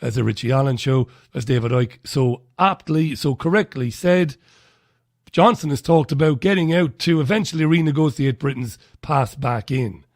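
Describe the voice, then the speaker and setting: A man's voice: medium pitch, moderate pace, no room sound, studio quality. A man with an Irish accent hosting a talk radio show, giving blunt, scornful commentary and reading out listener messages.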